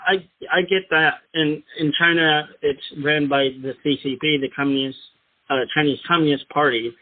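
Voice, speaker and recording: A man co-hosting a talk radio show, answering in a hesitant, halting way with repeated words. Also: on the high side, steady tone, dry recording. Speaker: radio co-host. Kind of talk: casual talk radio chat. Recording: dry, tinny phone-like sound.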